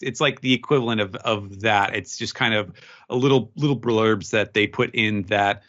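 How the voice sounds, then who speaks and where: A man's voice: lowish voice, steady tone, moderate pace, sharp tone, highs cut off. A man co-hosting a podcast, explaining at length in casual chat, full of fillers and restarts. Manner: rambling, many fillers and restarts. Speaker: podcast co-host.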